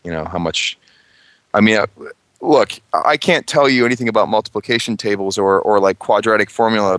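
A man chatting casually on a gaming podcast, rambling and joking, quick to laugh. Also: lowish voice, fairly bright tone, dry recording. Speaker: tabletop game master on a gaming podcast.

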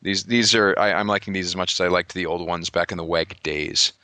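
A man chatting casually on a podcast, telling animated stories and slipping into voices. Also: sits low, brisk, no echo. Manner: animated storyteller, does voices in anecdotes. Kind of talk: casual chat.

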